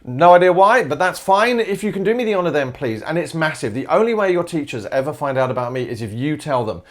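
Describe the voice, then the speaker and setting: Fast-talking and animated, with a voice on the high side, an Australian maths teacher reasons aloud through exam problems step by step. Informal asides keep popping up, along with fillers such as "uh" and "all right."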